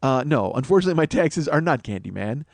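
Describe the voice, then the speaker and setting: A man's voice: mid-range voice, big pitch swings, quick pace, gravelly, dry recording. A man hosting a podcast, telling a rambling comic story in an exasperated, profane, self-mocking way. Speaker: podcast host.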